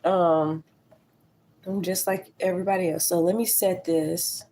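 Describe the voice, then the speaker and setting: A candid woman in her late thirties chats casually to her viewers while she tidies the kitchen of her small apartment. Her voice sits fairly low for a woman. The home recording carries a clear layer of background noise. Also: flat delivery, measured pace, dark tone, rough recording. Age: 30s. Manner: chatty, candid, talks to viewers as y'all. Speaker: vlogger. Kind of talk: casual chat while doing chores.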